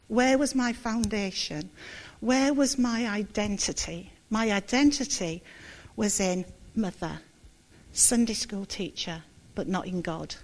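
A middle-aged woman giving a candid, self-deprecating church testimony, halting and close to tears. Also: mid-range voice, darkish tone. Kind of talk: sermon with personal testimony.

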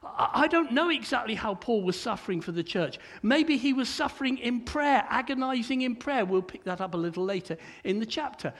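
A man's voice: extremely high pitch, expressive, a little fast, hardly any pauses, fairly bright tone. An older man preaching a sermon in a conversational way, often stumbling and restarting his words.

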